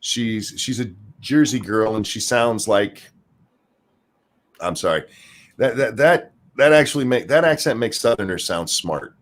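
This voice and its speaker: A man's voice: on the low side, unhurried. Southern guy ranting on a podcast, voice swings up and down a lot, swears a bunch. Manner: animated, profane, repeats words when starting sentences. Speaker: podcast co-host. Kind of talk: casual ranting chat.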